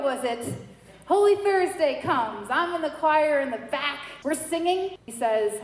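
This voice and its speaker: A woman from New York giving a personal faith testimony, telling her story with animated quoted voices. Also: high voice, normal speed. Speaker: testimony speaker. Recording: echoey hall with light noise.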